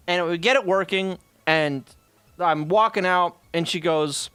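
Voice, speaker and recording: A man's voice: sits high, a little slow, fairly bright tone, clean tone, no echo. A man streaming, telling a rambling workplace story in casual chat, full of profanity, fillers and asides.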